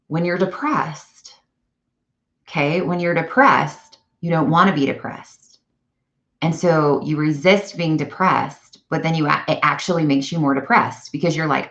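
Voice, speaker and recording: A woman chatting casually on a live stream, animated and self-correcting as she talks. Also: low voice, unhurried. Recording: dull lo-fi live-stream audio.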